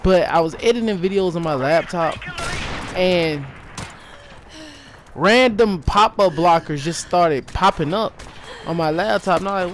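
A man telling a story to his viewers in a casual vlog, animated and rambling, repeating himself and tossing in "yo". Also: high-pitched, normal speed. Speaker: YouTuber. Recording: noisy with game gunfire behind.

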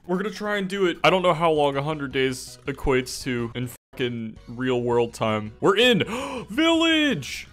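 A man streaming a game, talking casually to chat, excitable, jokey and swearing, with faint music behind him. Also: medium pitch, moderate pace, hardly any pauses. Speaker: gaming streamer. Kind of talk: casual gameplay commentary to chat.

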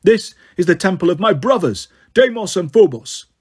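A man's voice: sits high, animated, moderate pace, husky. A man reading aloud, voicing a brave teenage girl who speaks soothingly and firmly. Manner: soothing, firm.

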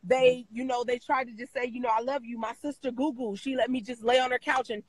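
A woman with a high voice speaks in an interview about her own experiences, heartfelt and repetitive, often saying "you know what I mean". The sound is dry and close. At times she is crying as she talks. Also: fairly even intonation, fairly quick, breathy edge, no room sound, poor audio. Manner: emotional, repeats phrases, many fillers. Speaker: interview guest. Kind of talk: personal testimony in interview.

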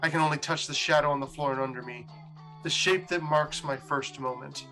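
A man voicing a dying female guardian angel in a slow, solemn reading. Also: a little high, steady tone, sharp tone, soft background music. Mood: solemn, grave.

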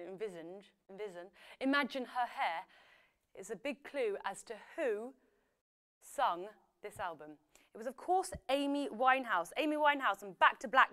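A woman's voice: fairly high pitch, fairly bright tone. A young woman hosting a live quiz on an app, chatty and playful, reading out the answer splits and breaking into bits of songs. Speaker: quiz show host.

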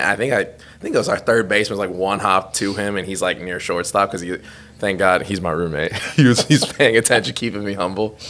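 Laughing as he goes, a podcast co-host in his twenties spins a rambling, self-mocking story during a relaxed conversation. His voice is fairly low in pitch with a fairly bright tone.

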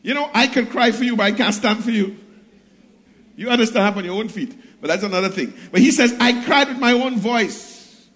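A man's voice: extremely high pitch, fairly quick, fairly bright tone. A man pastor preaching a sermon, reading scripture and calling out to the congregation. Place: church. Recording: echoey church hall.

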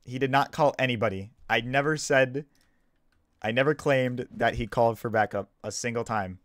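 A man's voice: medium pitch, normal speed, a bit bright, no echo. A man, just woken up, explaining himself in a casual video commentary, defensive and stumbling, repeating and restarting his sentences. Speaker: gaming YouTuber.

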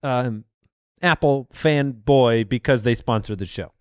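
A man's voice: mid-range voice, unhurried, a little mellow, clean tone, no echo, clean studio sound. A man co-hosting a comedy podcast, steering the draft with wry, teasing questions. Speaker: podcast co-host. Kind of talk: casual comedic banter.

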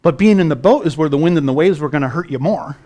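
A man's voice: fairly high pitch, animated, quick pace, warm tone. A middle-aged man preaching a sermon as pastor, building fervor and firing rhetorical questions at his congregation.

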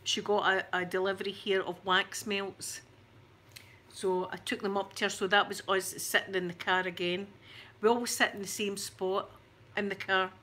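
A woman's voice: mid-range voice, flat delivery, moderate pace, sharp tone. A woman in her forties with a thick Scottish accent, chatting to her camera in a rambling, self-mocking way. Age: 40s. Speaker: YouTuber.

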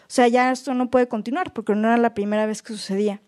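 A woman's voice: a little high, steady tone, very fast, a little mellow. A young woman, earnestly sharing a personal story at a retreat and translating herself, with frequent restarts. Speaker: retreat participant.

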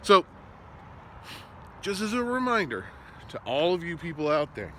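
A man giving casual advice while out on a walk, talking in an animated way that swings between loud emphasis and soft, slow asides. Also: on the high side. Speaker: vlogger. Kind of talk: walking vlog, casual advice talk. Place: outdoors on a walk, street traffic nearby. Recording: faint outdoor street noise.

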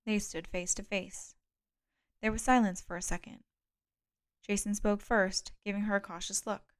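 A woman reading a thriller audiobook aloud in a measured, calm storytelling manner. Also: mid-range voice, clear, resonant tone. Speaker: audiobook reader. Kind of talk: scripted narration.

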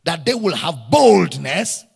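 A pastor with a Nigerian English accent preaches to his congregation in a reverberant church hall, leading call-and-response and repeating key phrases for emphasis. His male voice is on the high side, gravelly and husky, with big pitch swings and a slow pace.

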